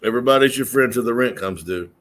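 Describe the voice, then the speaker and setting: A man's voice: mid-range voice, quick pace, a bit bright. A man in casual podcast chat, laid-back and hesitant, with dry humor.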